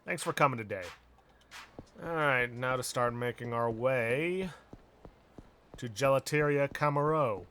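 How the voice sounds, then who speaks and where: Bright-voiced man casually commenting gameplay. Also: medium pitch, measured pace, pauses often, slight background noise. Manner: offhand, deadpan asides. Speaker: let's player.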